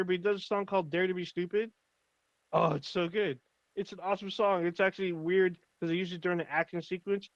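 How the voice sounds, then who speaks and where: A man's voice: a little high, no echo, dull audio. A man co-hosting a casual livestream chat, rambling and enthusiastic, swearing freely. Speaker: podcast co-host.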